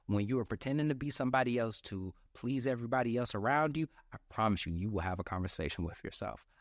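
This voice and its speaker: Animated young man preaching self-help. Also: lowish voice, no echo, clean studio sound. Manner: animated, preachy, slangy, acts out his inner voice. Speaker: podcast host. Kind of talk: motivational solo podcast talk.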